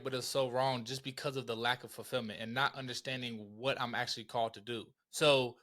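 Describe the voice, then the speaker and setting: Guy on a podcast telling his story, bright punchy voice, casual slangy, keeps acting out what people said. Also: mid-range voice. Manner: animated, slangy, acts out quotes, laughs often. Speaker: podcast guest, entrepreneur.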